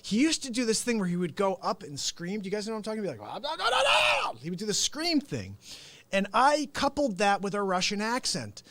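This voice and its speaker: A man hosts a live stream with a bright, high voice that leaps around in pitch. He tells animated stories, laughs often and drops into comic impressions. The sound is close and dry, with no room echo. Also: brisk. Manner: animated storyteller who slips into comic impressions; laughs often and talks straight to viewers. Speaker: host and real estate agent. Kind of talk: unscripted live-stream talk.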